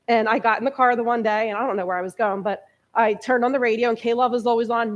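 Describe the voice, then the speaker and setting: Woman, early forties, slightly high voice, candid emotional testimony, conversational sermon in a church. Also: fast, fairly bright tone. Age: 40s. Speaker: guest speaker. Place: church sanctuary.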